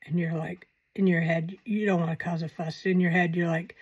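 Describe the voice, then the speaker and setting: A woman's voice: fairly low pitch, flat delivery, a little fast, few pauses, darkish tone, breathy edge. Wry rambling woman vlogger. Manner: rambling, wry and self-mocking. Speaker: paranormal channel host. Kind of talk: casual commentary vlog.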